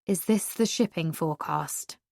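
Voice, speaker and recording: A woman voicing a teasing, sharp-tongued young woman in an audiobook, deadpan and quick with comebacks. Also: on the high side, no echo, clean studio sound, lightly acted. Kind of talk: audiobook character voice.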